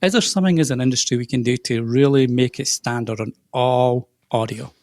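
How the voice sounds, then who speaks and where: A man from Scotland with a softened Scottish accent, a guest chatting casually on a video call and laughing easily. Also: mid-range voice, brisk, no echo, studio quality. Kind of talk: casual chat. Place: live video call podcast.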